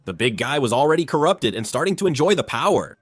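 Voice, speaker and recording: Animated male storyteller, lively pitch. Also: fast talker, slightly rough, dry recording, studio quality, faint music behind. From Romania. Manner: animated, switches into character voices. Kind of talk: storytelling narration.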